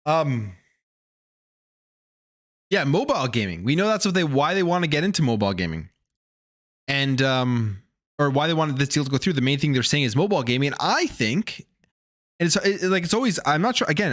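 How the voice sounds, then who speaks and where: A man's voice: on the high side, fairly bright tone, no echo, clean studio sound. A man streaming gaming news commentary, rambling in a casual, opinionated way and often restarting or repeating his words.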